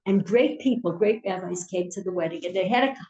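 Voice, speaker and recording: A woman teaching a live Torah class, telling stories in an animated way and acting out the characters. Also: fairly low pitch, fast. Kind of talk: live storytelling lesson. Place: synagogue hall. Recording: roomy hall sound.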